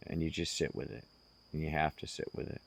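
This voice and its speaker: A man speaking slowly and earnestly, giving direct self-help advice to the listener. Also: a bass voice, creaky. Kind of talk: casual advice monologue.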